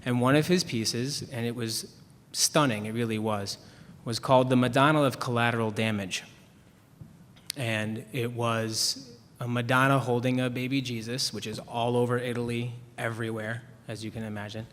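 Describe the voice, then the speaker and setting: A man's voice: mid-range voice, steady tone, moderate pace, a bit bright. A young man from Chicago, a writer on a panel, telling rambling, self-deprecating stories and laughing at himself. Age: young adult. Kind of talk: anecdotal storytelling. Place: event hall with an audience. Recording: long reverb in a hall.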